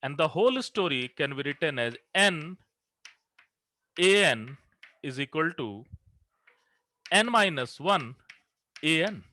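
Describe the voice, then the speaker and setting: A man's voice: fairly high pitch, expressive, takes it slowly, long pauses, bright, forceful tone. A man teaching physics in a classroom. He works through equations step by step and asks the class questions that he then answers himself. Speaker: physics lecturer. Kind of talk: classroom lecture.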